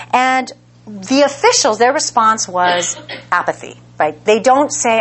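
A woman's voice: medium pitch, expressive, normal speed. Woman lecturing with constant "right?" check-ins. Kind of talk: academic lecture.

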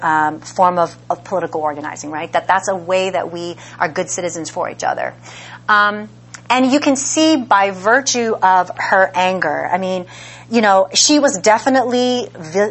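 Woman lecturing with constant "right?" check-ins. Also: medium pitch. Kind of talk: academic lecture.

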